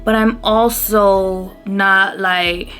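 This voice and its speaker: A woman in her thirties chats to her camera as a beauty vlogger, her talk loose and rambling. Her voice sits at a middle pitch, and she gets moved easily as she speaks. Faint music plays quietly behind her. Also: fairly even intonation, drawn-out words. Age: 30s. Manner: chatty, rambling, easily emotional. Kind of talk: casual chat to camera while doing makeup.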